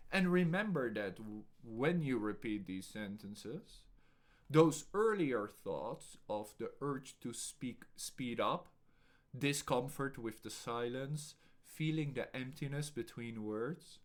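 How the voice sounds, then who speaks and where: Calm guy coaching english, talks real slow with breaks between words, medium pitch. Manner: calm, pauses every few words. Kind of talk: slow deliberate teaching.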